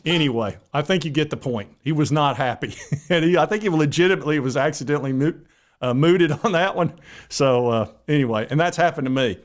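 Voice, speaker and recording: A man's voice: a little high, fairly quick. A man hosting a sports talk channel, chatting casually and rambling with plenty of fillers. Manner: rambling, conversational, many fillers.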